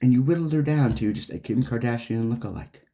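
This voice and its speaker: A man's voice: mid-range voice, a little fast, mellow. A man delivering an angry, profane, sarcastic rant straight to the camera. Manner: swearing, heated, sarcastic. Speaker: vlogger.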